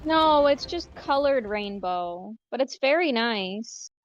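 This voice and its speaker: A woman's voice: on the high side, animated, slow, highs cut off, soft background music. A woman chatting casually over voice chat, giggly and a little apologetic, talking through a mouthful of cake. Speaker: friend dropping into a stream.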